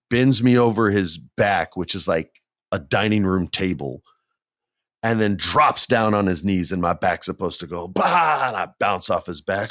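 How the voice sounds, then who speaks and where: A man hosting a podcast, telling stories in a casual, animated way, acting out the quotes and laughing often. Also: dry recording, clean studio sound. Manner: animated, acts out quotes with big jumps in pitch, laughs often. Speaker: podcast host. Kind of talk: casual storytelling.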